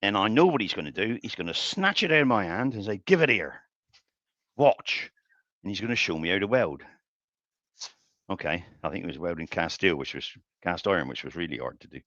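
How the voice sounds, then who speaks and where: Hosting a live woodturning stream at his home workshop, an older man speaks in a low-pitched, expressive voice that's fairly quick and a bit bright, with no echo. He spins casual, rambling anecdotes while working, chuckling and restarting frequently, over dull lo-fi stream audio.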